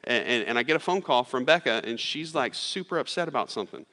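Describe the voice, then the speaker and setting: A pastor delivers a sermon in a loose, chatty storytelling manner, full of fillers and restarts. His voice has a bright, forceful edge. It rings out with a long reverb, as in a large sanctuary. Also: medium pitch, animated, fast talker. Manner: casual, storytelling with lots of fillers. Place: church sanctuary.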